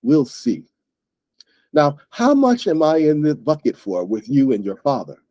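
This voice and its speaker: A man reading aloud as a gruff, reclusive old man with raspy breathing, speaking bluntly and in a businesslike way. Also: fairly high pitch, huge pitch swings, measured pace, mellow, no echo. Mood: guarded.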